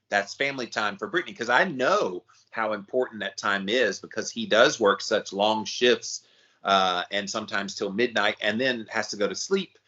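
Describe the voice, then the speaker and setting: Bright-voiced man hosting a casual podcast. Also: on the low side, highs cut off. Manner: conversational, frequent restarts. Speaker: podcast host.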